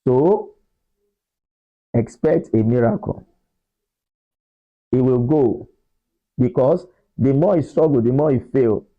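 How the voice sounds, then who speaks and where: A man's voice: fairly high pitch, gravelly, dull audio. A man preaching a political sermon, emphatic and repeating his phrases for effect.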